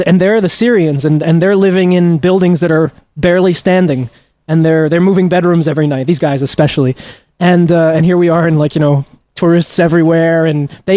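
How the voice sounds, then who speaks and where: A man's voice: sits high, a little mellow, no room sound. A man being interviewed as a journalism trainer, telling a story earnestly with frequent restarts.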